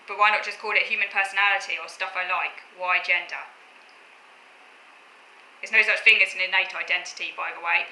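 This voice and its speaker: A woman's voice: fairly low pitch, pushed and bright, a little hiss or hum. A woman vlogger earnestly explaining her views, talking in short, restarted phrases. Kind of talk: explaining opinions to camera. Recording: echoey room with faint ambience.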